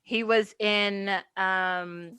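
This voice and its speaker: A woman guest on a podcast, chatting casually in an animated, opinionated, emphatic way. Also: medium pitch, extremely slow, clear, resonant tone, dry recording, clean studio sound. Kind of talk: casual chat.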